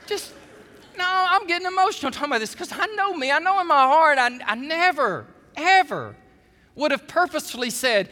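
A man pastor preaching a sermon, telling animated stories with stammering restarts. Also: very high voice, a little fast. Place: church sanctuary. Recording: long hall reverb.

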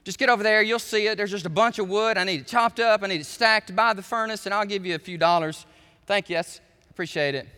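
A man's voice: sits high, quick pace, bright, forceful tone, clear, resonant tone, in a large hall. A man voicing a condescending wealthy woman who gives curt orders. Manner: curt and commanding.

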